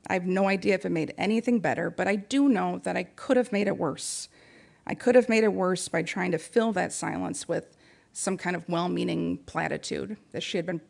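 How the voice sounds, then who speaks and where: A woman's voice: mid-range voice, gravelly, darkish tone. A woman giving an earnest, reflective talk to a spiritual community, telling personal stories. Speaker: guest speaker.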